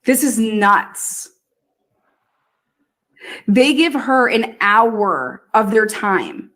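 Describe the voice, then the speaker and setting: A woman's voice: medium pitch, big pitch swings, extremely slow. A woman hosting a true crime livestream, ranting in crude casual talk and cackling often. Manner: loud, swearing, cackling often. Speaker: true crime streamer host. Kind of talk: profane casual livestream rant.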